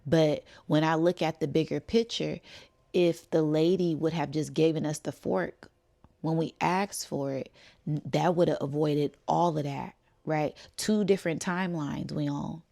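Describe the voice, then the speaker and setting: A woman's voice: low voice, fairly even intonation, a little slow, creaky, warm tone. A woman casually telling a story to her viewers, acting out the dialogue and laughing often. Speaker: spiritual channel host.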